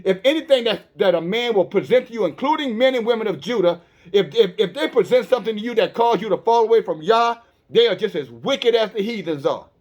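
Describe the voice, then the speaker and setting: A man's voice: sits high, lively intonation, brisk. A man preaching an online sermon, talking straight to his listeners with rhetorical questions and many stammered restarts. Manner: emphatic, with frequent stammered restarts.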